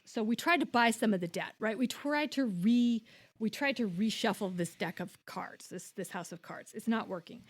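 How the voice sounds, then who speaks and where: A woman's voice: a little high, moderate pace. A woman co-hosting a podcast, explaining things at length in casual chat, with many restarts and quoted voices. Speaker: podcast co-host.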